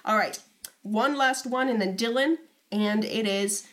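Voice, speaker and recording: A woman's voice: fairly high pitch, unhurried. A young woman co-hosting a casual chat, reading old diary entries aloud in a playful, teasing way.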